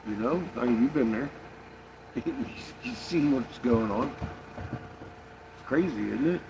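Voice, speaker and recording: A man's voice: medium pitch, expressive, takes it slowly, vocal fry, background noise. A man talking casually in a rambling monologue, swearing often and restarting his sentences. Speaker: conspiracy vlogger.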